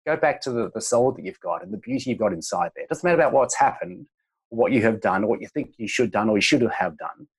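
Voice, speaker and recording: A man, a chiropractor guest on a podcast, speaking reflectively and telling a gentle story. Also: medium pitch, expressive, quick pace, husky, rough recording. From Australia. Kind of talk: relaxed podcast conversation.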